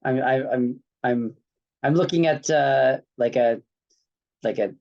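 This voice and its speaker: A man's voice: mid-range voice, slow pace, gravelly, darkish tone, muffled recording. A man co-hosting a casual film podcast, agreeable and chiming in with short replies. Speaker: podcast co-host.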